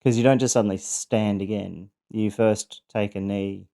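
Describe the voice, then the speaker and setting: Warm and gravelly, a middle-aged man's lowish voice moves at a moderate pace with fairly even intonation. On his own podcast he earnestly recounts surviving abuse and his recovery, often pausing on ums and beginning sentences again.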